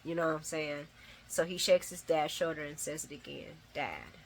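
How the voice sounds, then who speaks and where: A woman hosting a casual recap, talking emotionally and rambling, sometimes shouting her reactions. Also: low voice, level tone, brisk, slight background noise. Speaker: soap opera recap host.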